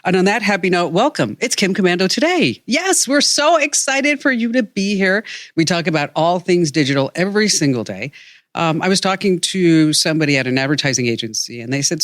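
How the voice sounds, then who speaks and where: A woman hosting a tech podcast in casual chat, playful and quick to laugh. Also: on the low side, animated, dry recording, clean studio sound. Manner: playful, laughs often, many fillers.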